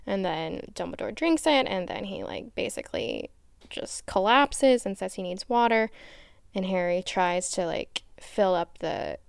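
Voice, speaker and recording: A woman's voice: medium pitch, big pitch swings, unhurried, creaky, clear, resonant tone, dry recording, studio quality. A young adult woman co-hosting a podcast, recapping a book in a chatty, casual way. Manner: chatty, filler-heavy recapping. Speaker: podcast co-host.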